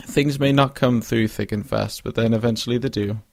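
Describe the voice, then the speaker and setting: A man's voice: medium pitch, fairly even intonation, moderate pace, vocal fry, dry recording, studio quality. A young man hosting a casual solo podcast, rambling with lots of fillers and restarts and yawning now and then. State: yawning, drowsy. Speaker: podcast host.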